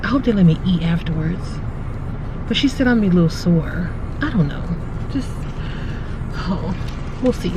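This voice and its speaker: A woman's voice: fairly low pitch, animated, moderate pace, long pauses. A woman chatting casually to her phone camera from a car, rambling and correcting herself as she goes. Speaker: family vlogger. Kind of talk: casual vlog chat. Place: inside a car. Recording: loud road and traffic noise.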